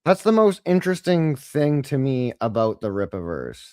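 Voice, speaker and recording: A man's voice: medium pitch, very animated, moderate pace, mellow, no room sound, studio quality. A man co-hosting a casual podcast chat, rambling and profane with a mocking tone. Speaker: podcast co-host.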